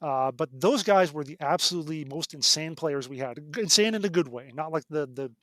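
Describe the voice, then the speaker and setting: A man's voice: a little high, animated, brisk, a bit bright, no echo. A middle-aged man, a game designer, telling stories as a podcast guest and often restarting and correcting himself mid-sentence. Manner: rambling, self-correcting storyteller. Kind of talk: casual podcast conversation.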